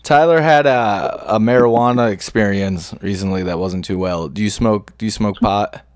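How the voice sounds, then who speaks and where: A man's voice: fairly low pitch, normal speed, dry recording, clean studio sound. A man co-hosting a podcast, chatting casually and teasing the callers. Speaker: podcast host. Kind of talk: casual chat.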